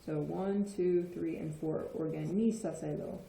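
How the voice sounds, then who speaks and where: A woman's voice: fairly low pitch, normal speed, mellow. A woman explaining Spanish grammar in a patient lesson, often checking in with "okay?". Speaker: Spanish teacher. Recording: echoey room.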